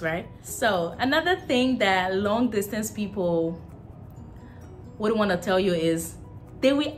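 A woman with a Nigerian accent chatting casually to camera as a vlogger, animated, with lots of fillers and emphatic jumps in pitch.

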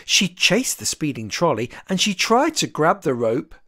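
An author reading a rhyming picture book aloud in an expressive, sing-song rhythm. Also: mid-range voice, unhurried, no echo, clean studio sound.

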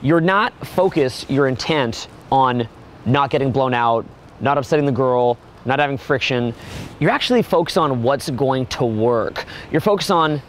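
A man speaking quickly and emphatically as a coach at a seminar. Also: medium pitch, a little hiss or hum. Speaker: dating coach. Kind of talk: seminar talk.

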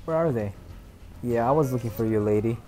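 A young man giving excitable, chatty commentary while streaming a shooter game, dropping to mumbles and then bursting out loud. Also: mid-range voice, brisk, noisy background. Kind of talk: live gameplay commentary.

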